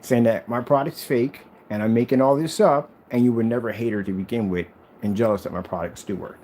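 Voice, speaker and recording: A man's voice: medium pitch, a little fast, dark tone, slight background noise. A man who makes projector screens, talking in a boastful, taunting vlog rant aimed at his critics.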